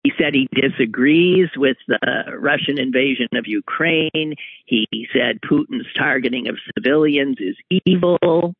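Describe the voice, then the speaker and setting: A man's voice: medium pitch, a little slow, breathy edge, no echo. Wry male talk host, tinny sound. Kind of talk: opinionated monologue. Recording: tinny phone-like radio audio.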